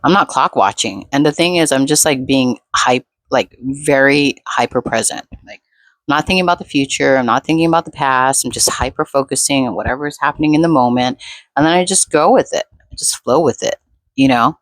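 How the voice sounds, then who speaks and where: A woman's voice: very deep voice, a little fast, no echo. A woman vlogger rambling in a laid-back, unscripted monologue, full of fillers.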